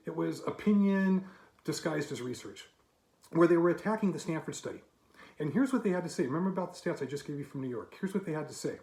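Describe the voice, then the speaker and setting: A man's voice: a little high, expressive, fast talker, darkish tone. Emphatic man in his fifties, echoey room. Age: 50s. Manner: emphatic, argumentative, rhetorical asides. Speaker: commentator. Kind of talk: monologue to camera.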